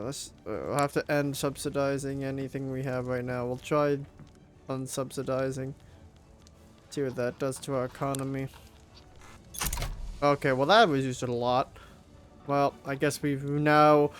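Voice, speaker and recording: A young man commenting on his strategy game, groaning, swearing and pleading at it as things go wrong. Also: mid-range voice. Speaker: gameplay commentator.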